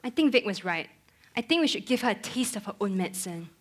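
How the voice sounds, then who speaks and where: A woman's voice: mid-range voice, lively intonation, fast talker, slightly rough. Scheming woman in a student skit. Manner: scheming, conspiratorial. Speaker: student actor in a comedy skit. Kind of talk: amateur comedy skit acting.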